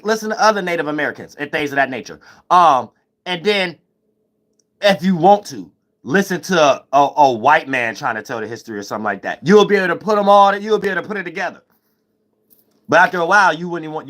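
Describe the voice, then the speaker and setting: A man's voice: mid-range voice, fairly bright tone. A man hosting his own channel, talking in a rambling, slangy, profane monologue and often asking "you know what I'm saying". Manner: slangy, profane, loose grammar. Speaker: channel host. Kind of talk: casual monologue to viewers.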